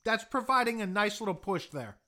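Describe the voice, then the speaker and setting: Male co-host, high-pitched with a bright edge; wry, questioning sports talk. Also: animated, fairly quick. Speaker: podcast co-host. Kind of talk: casual sports chat.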